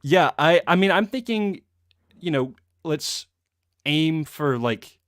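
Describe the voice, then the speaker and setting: A man's voice: a little high, lively intonation, slow pace, a bit bright, no room sound. Guy hosting a book club stream over video call, bouncy voice, dry mic, keeps correcting himself. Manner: rambling, self-correcting, laughs at himself. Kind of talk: casual live stream chat.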